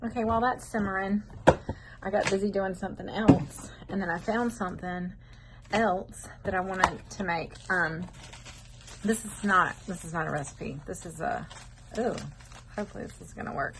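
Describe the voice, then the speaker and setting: A woman's voice: medium pitch, moderate pace, noisy background. A middle-aged woman, chatting casually and rambling off topic as she cooks in her home kitchen. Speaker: home cooking vlogger. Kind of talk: casual cooking chat.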